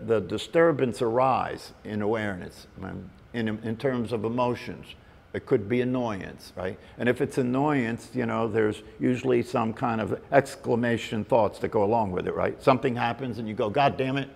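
A man's voice: medium pitch, vocal fry, a little mellow. Man teaching meditation in a reverberant hall. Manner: conversational, repeats "right?" and "you know". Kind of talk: spiritual talk to a group.

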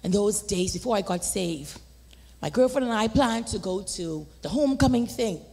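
A Bahamian woman giving a fervent testimony during a church service, swinging between shouted declarations and hushed whispers in a preacherly cadence. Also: medium pitch, expressive, normal speed, breathy edge. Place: large church sanctuary. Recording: church livestream with long hall reverb.

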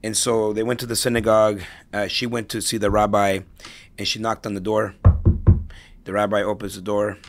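A man's voice: lowish voice, little pitch movement, moderate pace, soft background music. A middle-aged man, a podcast guest, chatting casually and telling anecdotes to make his points, often repeating and restarting words. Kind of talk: casual interview storytelling.

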